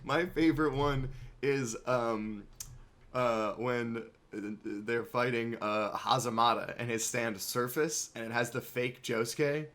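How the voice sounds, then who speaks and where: A man's voice: medium pitch, takes it slowly, a bit bright. A man hosting a podcast in casual chat, talking animatedly and laughing often.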